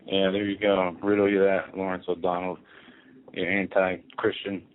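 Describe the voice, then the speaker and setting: Blunt talk radio co-host, tinny line. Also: male voice, deep voice, level tone, moderate pace, slight background noise. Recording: tinny phone-like internet radio.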